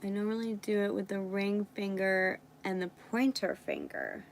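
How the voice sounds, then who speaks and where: A woman's voice: medium pitch, huge pitch swings, normal speed, vocal fry, slight background noise, rough recording. A woman hosting a casual live stream, thinking aloud as she works and chatting with viewers. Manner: thinks aloud while working, chats with viewers.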